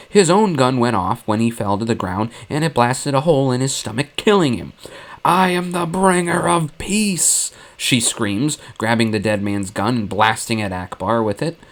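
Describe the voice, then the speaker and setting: A man narrating a fan what-if story in a plain, matter-of-fact deadpan. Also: mid-range voice.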